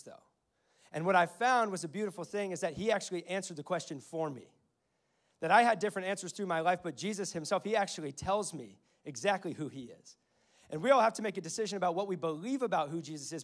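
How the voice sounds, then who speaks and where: A man's voice: sits high, quick pace. A young man in his twenties or thirties preaching a sermon as a pastor, telling stories in a conversational way and quoting scripture. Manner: conversational storytelling, quotes scripture.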